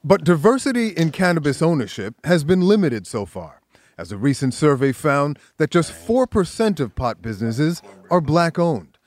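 A man who hosts a news segment, reading scripted narration in a measured reporter's delivery. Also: a little high, sing-song, darkish tone. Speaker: news correspondent and host.

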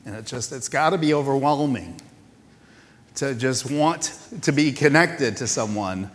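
A male pastor giving a casual, self-deprecating sermon with many pauses and restarts. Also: mid-range voice, lively intonation. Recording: reverberant church hall.

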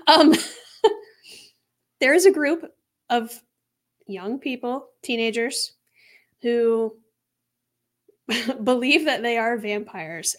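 A young woman co-hosting a true crime podcast in casual chat, laughing often as she talks. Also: on the high side. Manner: giggly, laughs often mid-sentence. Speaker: podcast co-host.

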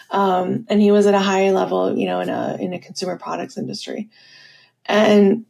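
A woman's voice: medium pitch, gravelly, mellow. A woman leadership coach telling stories in a podcast interview, with many fillers like "you know" and "um".

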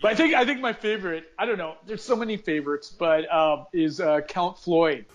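High-voiced man chatting haltingly. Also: very noisy. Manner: halting, filler-heavy storytelling. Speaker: podcast co-host. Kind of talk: casual chat.

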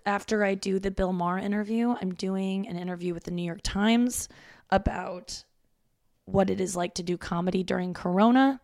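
This mid-range, creaky voice belongs to a thirtysomething stand-up from St. Louis chatting through a casual solo podcast at her parents' home. She's self-deprecating and swears freely, and the studio-quality recording has no room sound.

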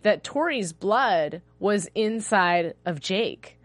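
A woman co-hosting a casual chat about a TV show, animated and self-deprecating, often trailing off and restarting. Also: medium pitch, slow pace, no room sound. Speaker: podcast co-host.

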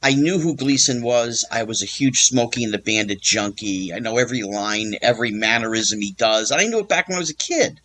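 A man's voice: mid-range voice, brisk, few pauses. A man telling an anecdote as an interview guest, acting out the voices of the people in it. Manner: lively, acts out quoted voices. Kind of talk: animated storytelling anecdote.

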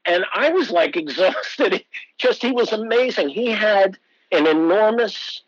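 Animated man in his sixties, storytelling. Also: high voice, measured pace, no room sound, muffled recording. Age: 60s. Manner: animated anecdotes, acts out quoted voices. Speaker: actor guest. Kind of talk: storytelling interview.

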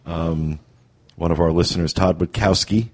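A man hosting a podcast, speaking in a halting way full of fillers and restarts. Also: deep voice, fairly even intonation, a little mellow. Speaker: podcast host. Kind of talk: casual podcast talk.

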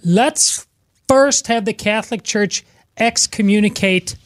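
A man co-hosting a talk show, dropping dry deadpan quips. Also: high voice, takes it slowly. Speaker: show co-host.

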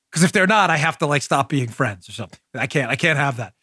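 A man hosting a political talk podcast, speaking in an animated, emphatic way and repeating points for effect. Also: mid-range voice, fast, few pauses, husky, no room sound, studio quality. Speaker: podcast host.

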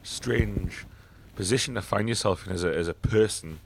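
A man's voice: fairly low pitch, moderate pace, gravelly, noisy background. A man hosting a casual football podcast, talking bluntly with swearing and frequent fillers. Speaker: podcast host.

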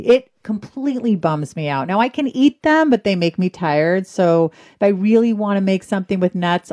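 A woman hosting a casual podcast interview, chatty and self-deprecating, quick to laugh. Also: mid-range voice, darkish tone. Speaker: podcast host and author.

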